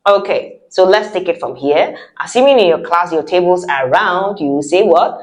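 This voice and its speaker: Lively teacher. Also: female voice. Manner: slow, drawn-out model words with bright high praise. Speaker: French teacher. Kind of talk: repeat-after-me language lesson.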